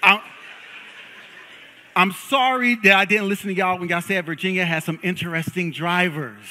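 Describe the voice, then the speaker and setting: Upbeat young pastor in a reverberant church. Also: male voice, high voice, moderate pace, slight background noise. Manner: lively, joking and hyping up the congregation. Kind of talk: sermon. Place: church sanctuary. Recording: long reverb of a large hall.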